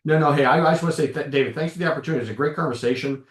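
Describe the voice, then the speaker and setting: A man's voice: on the high side, very fast. A man who is a guest executive, talking casually and amiably in an interview. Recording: echoey room sound.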